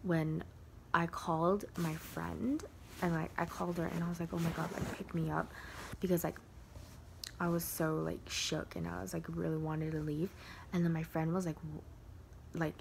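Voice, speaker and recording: A young woman telling a casual storytime on her vlog. She rambles, leans heavily on "like", and sometimes drops into a soft whisper. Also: deep voice, little pitch movement, moderate pace, creaky, slight background noise. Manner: rambling, heavy use of "like" fillers. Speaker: vlogger.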